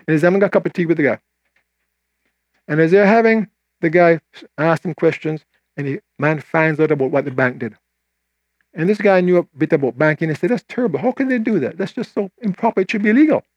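An older man preaching a sermon, telling a story and voicing its people, then slowing down to read scripture. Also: no room sound, lo-fi sound. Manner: animated storyteller, quoting voices with rising pitch, slowing for scripture.

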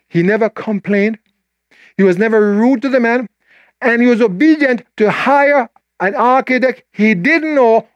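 An older man preaching a sermon, telling a story and voicing its people, then slowing down to read scripture. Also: no room sound, highs cut off. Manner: animated storyteller, quoting voices with rising pitch, slowing for scripture.

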